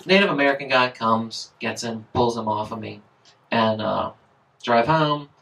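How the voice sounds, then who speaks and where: A man's voice: mid-range voice, unhurried, vocal fry, a bit bright. A man telling a story from memory at a live reading, in a casual, rambling, profane way with lots of fillers. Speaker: author performing at a reading. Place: indoor live reading event. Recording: voice picked up from far off.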